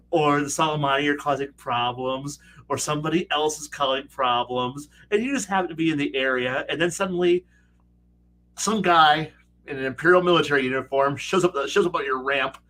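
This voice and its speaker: A middle-aged man chatting casually about tabletop gaming, animated and profane, often acting out players' lines. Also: on the high side. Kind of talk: casual streamed chat.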